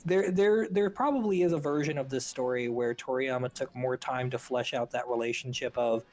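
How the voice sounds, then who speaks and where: A man co-hosting a podcast in casual chat, blunt and opinionated, with quick asides. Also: medium pitch, a little mellow. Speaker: podcast co-host.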